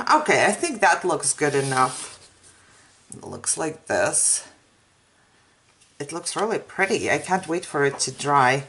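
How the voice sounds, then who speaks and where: A woman whose first language is not English talks through a craft tutorial at an unhurried pace. She chats casually and laughs often as she works. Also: fairly low pitch. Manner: chatty and self-deprecating, laughs often. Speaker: craft channel host.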